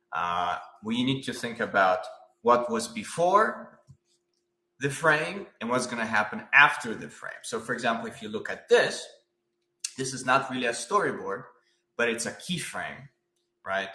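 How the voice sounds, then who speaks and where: A man gives a live-stream lecture on storyboarding, animated and talking through a string of rhetorical questions. His voice is bright and forward. The room around him adds a noticeable echo. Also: medium pitch. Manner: animated, asks many rhetorical questions, uses "right?" often. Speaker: concept artist teaching storyboarding.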